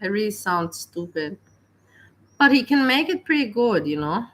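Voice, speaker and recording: A woman's voice: mid-range voice, big pitch swings, moderate pace. A woman hosting a livestream, casually reacting to clips and repeating herself earnestly. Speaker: livestream host.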